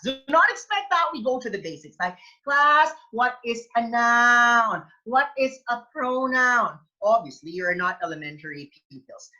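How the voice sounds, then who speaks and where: A woman from the Philippines with a Filipino accent, giving an animated webinar lecture as a review teacher and addressing her listeners as class. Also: on the high side, poor audio.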